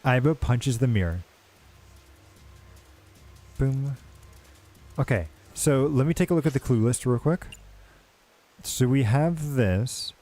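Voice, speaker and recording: A man's voice: mid-range voice, lively intonation, moderate pace, mellow. A man streaming a game, casually reading the story text aloud with asides. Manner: casual, with filler asides and restarts.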